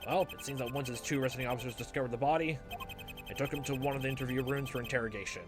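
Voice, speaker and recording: A smug, combative prosecutor, as a man voices him, pressing his points in a brash, goading tone. He speaks at a mid pitch, with music running behind the game playthrough. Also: fairly even intonation, very fast, natural voice. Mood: accusing. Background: background music.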